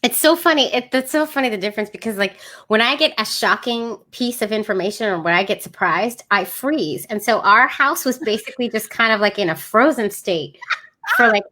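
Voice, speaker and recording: A woman's voice: a little high, a little fast, sharp tone. A woman co-hosting a podcast, chatting casually with lots of fillers. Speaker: podcast co-host. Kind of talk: casual chat.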